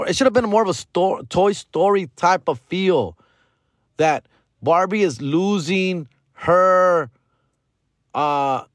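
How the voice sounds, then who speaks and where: A man, a comedian hosting a podcast, rants casually about a movie in an animated, slangy, exasperated way, dropping bits of Spanish slang. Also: on the high side, no room sound, studio quality.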